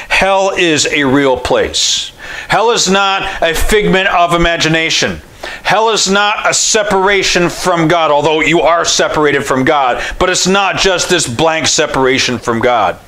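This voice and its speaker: A man preaching a revival sermon, impassioned and folksy, rising to shouts on repeated phrases. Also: on the high side, normal speed, a little hiss or hum, rough recording. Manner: folksy and conversational.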